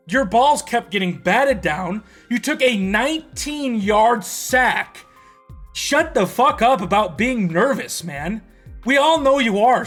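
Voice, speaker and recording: Male fan vlogger, high voice, swearing through a heated game rant, light music bed. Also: fairly bright tone. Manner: profane, exasperated ranting. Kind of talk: sports reaction rant.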